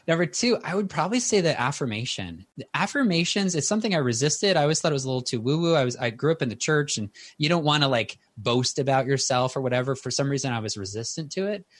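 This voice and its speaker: Podcast guest: a man in his thirties, lively casual storyteller with a dry, close sound. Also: fast, no echo. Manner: animated storyteller, rises in pitch for quotes.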